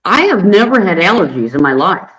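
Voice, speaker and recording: A man hosting a casual livestream, hoarse from allergies, friendly and greeting viewers by name. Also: sits high, very animated, brisk, a bit bright, poor audio. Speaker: livestream host.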